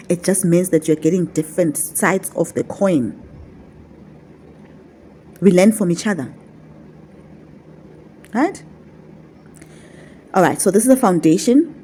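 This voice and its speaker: A woman's voice: mid-range voice, expressive, moderate pace, pauses often, mellow, slight background noise. A woman talking to her viewers as a spiritual teacher, repeating her points in a coaxing, affectionate way. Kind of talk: casual vlog teaching.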